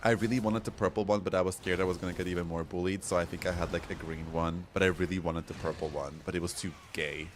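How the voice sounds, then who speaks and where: A man from Europe chatting casually while gaming, telling stories in a campy, animated way with swearing. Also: sits low, quick pace, few pauses, slight background noise. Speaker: streamer.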